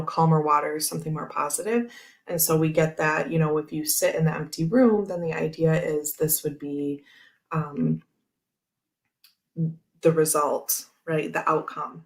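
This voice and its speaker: A woman hosting a tarot livestream, chatting casually and rambling with frequent laughs while she handles cards. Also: deep voice.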